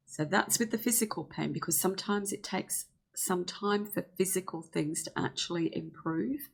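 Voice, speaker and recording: A woman giving a gentle, earnest spiritual healing talk, slowing down to speak affirmations. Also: lowish voice, creaky, husky. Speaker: spiritual teacher.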